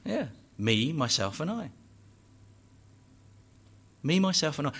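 High, animated male preacher. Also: slow, long pauses, breathy edge. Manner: emphatic, with rhetorical questions and repetition; swings between hushed and loud. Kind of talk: sermon.

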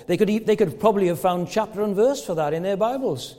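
High-voiced emphatic preacher man in a reverberant hall. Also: warm tone. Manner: emphatic, rhetorical questions, slows for stress. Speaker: pastor. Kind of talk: sermon.

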